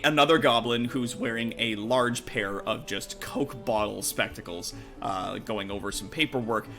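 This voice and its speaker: Dude running a d&d game, very animated bright voice, music faint in the back. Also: male voice, medium pitch. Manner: animated, laughing, filler-heavy. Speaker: game master. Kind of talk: narrating a tabletop game.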